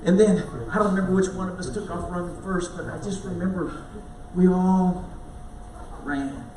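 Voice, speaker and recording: High-voiced man acting out a Bible story. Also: steady tone, darkish tone, slight background noise. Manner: halting, repeats words while storytelling. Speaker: church speaker. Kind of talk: dramatic first-person Bible monologue. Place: church sanctuary. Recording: echoey room, voice from far off.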